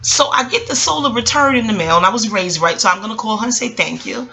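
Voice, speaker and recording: A woman's voice: fairly high pitch, expressive, quick pace, gravelly, pushed and bright. A woman from New York with a New York accent, an astrologer rambling casually to her viewers, digressive and chatty, calling them y'all. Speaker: astrologer and vlogger.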